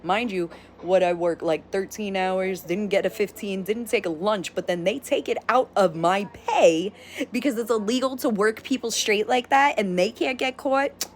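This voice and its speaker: A woman vlogger telling a story in a casual, animated rant, blunt and sometimes profane. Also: mid-range voice, normal speed, slight background noise.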